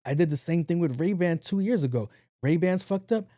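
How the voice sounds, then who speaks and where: A man hosting a podcast in a casual monologue, talking low and evenly, blunt and profane. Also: brisk, dry recording, studio quality. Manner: low-key, talks in a low even voice. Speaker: podcast host.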